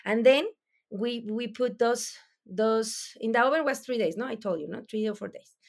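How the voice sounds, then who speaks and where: A woman with a Mexican accent, a native Spanish speaker, explaining her production in halting English with many restarts as she searches for words. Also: fairly high pitch, vocal fry. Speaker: mezcal producer. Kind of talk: interview answers.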